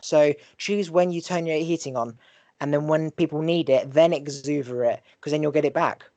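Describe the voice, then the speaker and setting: A man hosting a podcast, with a voice pitched a little high for a man. He talks in an animated, advice-giving way and swears casually. The sound is dry and close, with no room around it. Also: moderate pace, no echo. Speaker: podcast host. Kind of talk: casual conversation.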